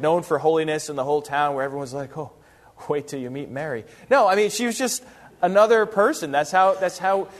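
Slightly high-voiced man teaching the Bible. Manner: lively, uses rhetorical questions and acted-out asides. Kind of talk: casual, conversational Bible teaching.

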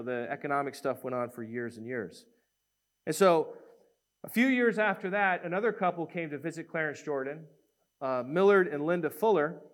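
Delivering a sermon, a man tells a story with lots of animation, voicing each of its characters himself. His pitch runs fairly high.

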